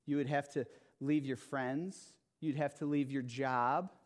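Slow, emphatic male preacher. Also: mid-range voice, fairly even intonation. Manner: slow, emphatic, repeats phrases with frequent "okay?" and "right?". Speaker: pastor. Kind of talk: sermon.

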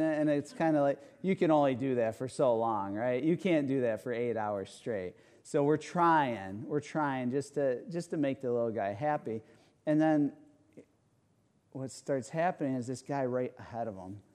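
Warm-voiced pastor telling a story. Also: male voice, mid-range voice, unhurried. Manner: animated storytelling, rhetorical asides. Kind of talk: conversational sermon with personal story.

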